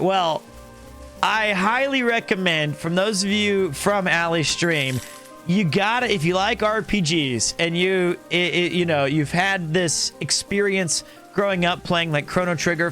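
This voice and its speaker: Bright, high-voiced male streamer, playful chatter. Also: measured pace, soft background music. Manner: rambling, playful, jokey. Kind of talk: casual live-stream chat.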